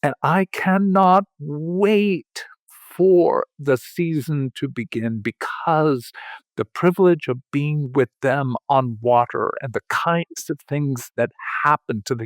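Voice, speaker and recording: An older man talking slowly in a reflective conversation, halting and restarting, with sudden lifts in pitch. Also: no echo, clean studio sound. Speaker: podcast host.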